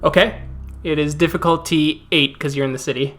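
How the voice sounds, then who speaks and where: A man narrating a tabletop role-playing game as game master, setting scenes in a calm, descriptive way. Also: fairly high pitch, brisk, faint music behind.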